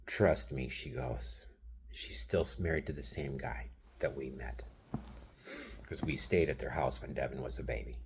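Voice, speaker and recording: A man's voice: a bass voice, normal speed, creaky, a little hiss or hum. A man in his thirties venting in a rambling monologue to camera, addressing someone who isn't there and dropping into whispered asides. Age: 30s. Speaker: vlogger.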